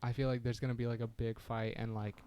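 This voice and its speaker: A man's voice: medium pitch, flat delivery, fast talker, dark tone, clear, resonant tone. A teenage boy rambling in casual chat with friends, full of fillers. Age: teens. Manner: rambling, filler-heavy, laughs often. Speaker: podcast co-host.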